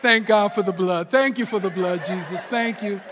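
A man from New Jersey preaches in a very high register, his voice ringing through the long reverb of a large hall. He swings from near-shouts to hushed tones and drops in humorous asides. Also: normal speed, a faint crowd, a little hiss or hum. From New Jersey, USA. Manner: animated preaching with big swings between loud and hushed. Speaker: pastor. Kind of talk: sermon.

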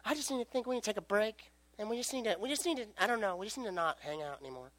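A man voicing a tearful, dramatic young woman in high, sobbing tones. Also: normal speed, gravelly, a bit bright, full character voice. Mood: hushed upset.

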